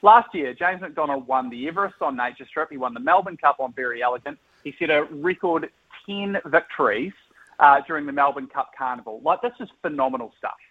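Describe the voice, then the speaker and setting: A man's voice: on the high side, fairly quick. A man, a sports journalist, talking emphatically in casual sports chat. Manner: emphatic, animated, says "mate" and "look". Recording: tinny phone line.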